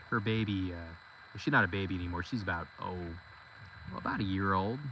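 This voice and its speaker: A man's voice: deep voice, a little fast, a bit bright, poor audio. A man of forty, walking around his goat farm and talking playfully to his goats in casual chat. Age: 40s. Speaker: vlogger. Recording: outdoor noise behind. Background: goats and outdoor ambience.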